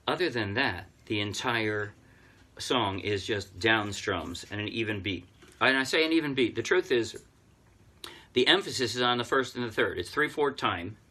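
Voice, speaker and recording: A man giving a casual ukulele tutorial, explaining chords and strums step by step in a relaxed, chatty way. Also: mid-range voice. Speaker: ukulele teacher. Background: loud ukulele playing.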